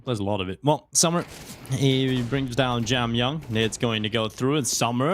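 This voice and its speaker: A man's voice: medium pitch, normal speed, slight background noise. Male esports play-by-play caster. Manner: building excitement on big plays. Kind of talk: play-by-play game commentary.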